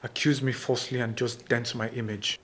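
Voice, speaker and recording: A man's voice: medium pitch, flat delivery, brisk, a bit bright, close to an everyday voice. A man playing an earnest young Nigerian boyfriend. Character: young man defending himself to his girlfriend.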